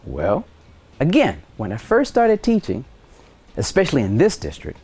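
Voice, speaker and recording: A middle-aged man teaching a high school science lesson on TV in a casual, joking, conversational way. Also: wildly swooping pitch, normal speed, a little mellow, slight background noise. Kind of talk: televised classroom lesson.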